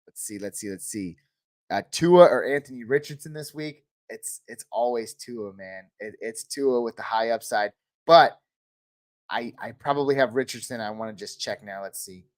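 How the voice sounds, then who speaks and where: Male livestream host, mid-pitched, dry close-mic sound, rattles off quick start-or-sit calls. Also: no echo. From Northern California. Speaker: fantasy football livestream host. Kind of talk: live Q&A answering chat questions.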